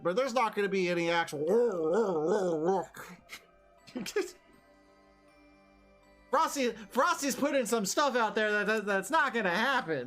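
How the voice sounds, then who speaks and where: A woman's voice: mid-range voice, fairly bright tone. A woman streamer chatting casually while she games. She swears freely, repeats herself and laughs a lot. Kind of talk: casual live-stream chat while gaming.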